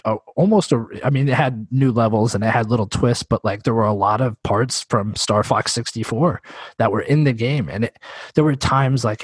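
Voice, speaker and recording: A man co-hosting a gaming podcast in an easy, joking chat. His voice sits in a middle register with a slightly husky, breathy edge. The sound is close and dry, with almost no room. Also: mid-range voice, no room sound. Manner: laughing, jokey, slips into mock voices for quotes. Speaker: podcast co-host. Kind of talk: casual chat about video games.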